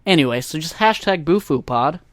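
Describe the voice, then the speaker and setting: A man's voice: on the high side, lively intonation, normal speed, dry recording. A man hosting a casual solo podcast, talking in a rambling, profane, self-mocking way into a USB desk microphone. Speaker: podcast host.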